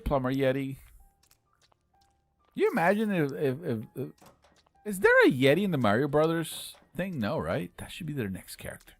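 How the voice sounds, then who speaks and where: A male livestreamer commentates his game in a bouncy, higher-than-usual voice that swings widely up and down. He jokes and bickers with his chat, then breaks into loud yells. The sound is dry and close, with a little music under it. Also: big pitch swings, moderate pace, no echo. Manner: playful, chatty, bursts into loud exclamations; argues jokingly with chat. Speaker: livestream host playing a game with viewers. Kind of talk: live gaming commentary.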